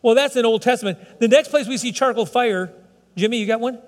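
A man preaching to his congregation in a church. His voice sits high for a man, and it rings out with a long reverb through the hall. He keeps it conversational, asking the room questions as he goes. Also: a little fast. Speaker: pastor. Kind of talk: sermon. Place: church, broadcast service.

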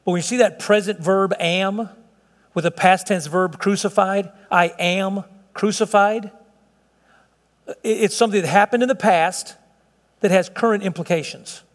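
Earnest preacher man, high voice, hall reverb. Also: moderate pace. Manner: earnest, conversational preaching with frequent restarts and chuckles. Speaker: pastor. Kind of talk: sermon.

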